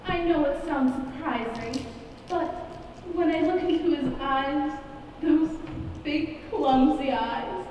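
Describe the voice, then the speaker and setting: A woman's voice: sits high, slow, darkish tone, slight background noise. A young woman playing a drowsy, tipsy older chaperone with a languid sleepy drawl. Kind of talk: stage musical acting. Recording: dull, echoey stage hall from far off.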